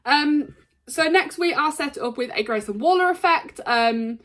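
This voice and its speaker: Bright, excitable woman recapping wrestling. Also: high voice, measured pace. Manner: excitable, rambling, full of ums and likes. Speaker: wrestling show reviewer. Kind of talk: casual recap of a wrestling show.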